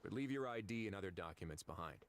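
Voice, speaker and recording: A man voicing a calm, formal adult official in a game, speaking in a measured way. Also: deep voice, a little hiss or hum. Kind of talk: game voice acting.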